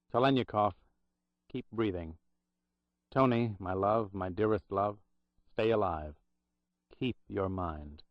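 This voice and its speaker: Male audiobook narrator, steady even read, dry close sound, a bit dull. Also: on the low side, no room sound. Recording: dry, slightly muffled recording.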